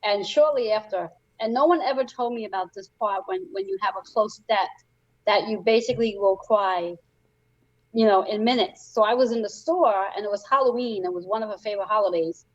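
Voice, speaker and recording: A woman's voice: medium pitch, fairly quick, dry recording, highs cut off. A woman co-hosting a casual chat show, telling stories animatedly and quoting herself. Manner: animated storyteller, quotes herself. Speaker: podcast co-host.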